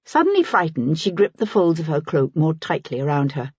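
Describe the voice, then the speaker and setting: A woman narrating an audiobook with lively storytelling. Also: deep voice, a little fast, few pauses, slightly rough, no echo, muffled recording. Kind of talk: scripted narration.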